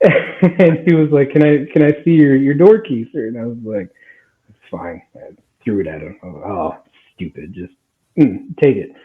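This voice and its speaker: Here a man in his twenties guests on a podcast and tells a casual story, animated and laughing while he acts out people's lines. The voice is medium-pitched at normal speed, and the recording sounds tinny, like a phone.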